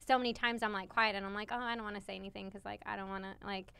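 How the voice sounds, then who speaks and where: A woman co-host speaks in a bright, crisp and slightly high voice. She reflects out loud at a quick pace, stringing long thoughts together. The recording is dry and close-miked. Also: fairly even intonation, dry recording. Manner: thoughtful, explains her view in long run-on sentences. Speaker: podcast co-host. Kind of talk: casual chat.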